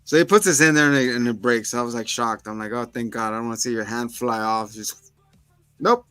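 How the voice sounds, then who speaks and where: A man's voice: mid-range voice, fairly even intonation, brisk, a bit bright, smooth, dry recording. A man co-hosting a casual movie review podcast, animatedly acting out scenes in little voices. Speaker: podcast co-host.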